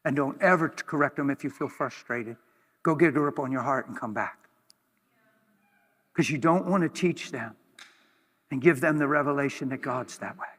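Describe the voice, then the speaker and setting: A man preaching a sermon in a church, talking in an animated way, swinging from loud exclamations to hushed near-whispers. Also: mid-range voice, moderate pace, long pauses. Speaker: pastor. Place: church hall. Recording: reverberant church hall.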